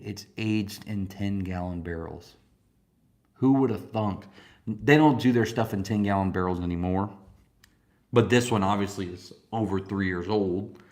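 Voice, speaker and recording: Man with a low voice, laid-back host of a tasting stream, swears freely and talks straight to his viewers. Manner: relaxed, profane, chatty, answers viewers. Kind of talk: casual live chat.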